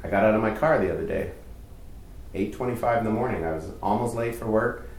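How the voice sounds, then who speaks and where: A man's voice: fairly low pitch, quick pace, vocal fry, a little mellow, slight background noise. A man giving a candid, chatty storytelling sermon as youth pastor, poking fun at himself. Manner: candid, self-mocking, chatty. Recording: echoey room, distant mic.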